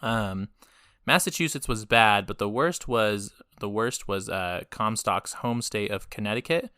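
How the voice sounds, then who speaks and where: Man, podcast co-host, bright crisp voice, dry close sound, loose casual delivery, lots of swearing and laughing. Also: lowish voice, measured pace, no echo. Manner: laid-back, swears a lot, laughs often. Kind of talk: casual chat.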